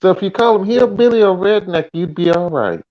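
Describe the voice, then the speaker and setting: A man's voice: sits high, a little fast, lo-fi sound, a crowd in the background. A man from Virginia, chatting playfully and laughing on a livestream. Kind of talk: casual chat.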